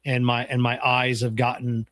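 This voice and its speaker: A man co-hosting a casual podcast, telling a story in a rambling, halting way. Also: mid-range voice, monotone, fairly bright tone, no room sound. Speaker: podcast co-host. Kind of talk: casual chat.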